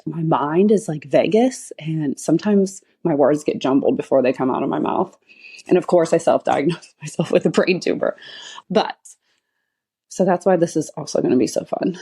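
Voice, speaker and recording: A woman with a low, husky voice talks through a casual solo podcast episode. She rambles from story to story, often laughing and acting out what people said. Her tone is mellow and relaxed. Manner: rambling storytelling with frequent laughs and acted quotes. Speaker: podcast host and chiropractor.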